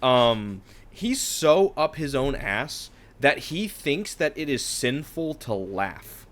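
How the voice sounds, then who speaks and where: A man co-hosting a casual book discussion, his voice sitting at an ordinary middle pitch. He riffs irreverently on the characters and drops into quick mocking impressions. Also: big pitch swings, a bit bright. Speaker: podcast co-host.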